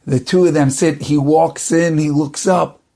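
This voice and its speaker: A man's voice: on the high side, fairly even intonation, measured pace, vocal fry, mellow. A man, a rabbi, telling a story in a dramatic, varied way. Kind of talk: storytelling talk.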